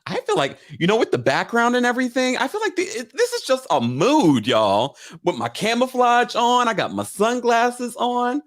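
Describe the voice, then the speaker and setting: A man's voice: extremely high pitch, wildly swooping pitch, normal speed, few pauses, a bit bright. A man hosting a casual livestream recap, chatting animatedly and reading viewer comments aloud into a webcam mic. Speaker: live-stream recap host.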